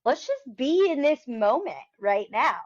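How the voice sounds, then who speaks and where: A woman in her thirties hosting a casual podcast chat, animated and laughing often as she acts out her own past words. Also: sits high, unhurried. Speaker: podcast host. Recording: dull lo-fi sound.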